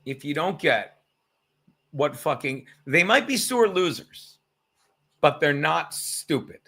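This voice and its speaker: A man's voice: on the high side, expressive, slow pace, creaky, pushed and bright. A man hosting a live stream, rambling and sarcastic, swearing often as he tells stories and reads chat. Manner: rambling, profane, sarcastic storytelling. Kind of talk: casual livestream chat.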